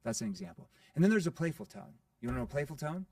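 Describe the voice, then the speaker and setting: Man, quick and gravelly, animated sales coach on a podcast, mic a little far in a dry room. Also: on the high side, dry recording. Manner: animated, acts out playful sales lines. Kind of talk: podcast interview.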